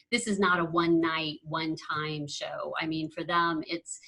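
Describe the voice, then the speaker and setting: A woman speaks on a discussion panel. Her voice is bright and sharp, and she talks in a chatty way, circling back to her points and laughing easily. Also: sits low, low-quality recording. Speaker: panel guest, marketing analyst.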